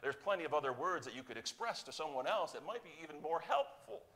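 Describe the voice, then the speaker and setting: A man preaching a sermon, moving between emphatic loud stretches and quiet, slowed-down points. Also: fairly high pitch, sing-song. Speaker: pastor.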